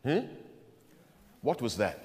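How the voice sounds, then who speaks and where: A male pastor preaching a sermon, asking the congregation to answer back and swinging between quiet asides and loud proclamation. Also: mid-range voice, sing-song, takes it slowly, in a large hall.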